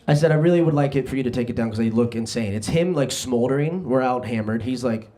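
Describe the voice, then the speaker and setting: A young man doing a stand-up comedy set on a club stage, brash and self-deprecating, throwing quick asides at the crowd. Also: medium pitch, mellow. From New Jersey. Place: comedy club stage before a live audience.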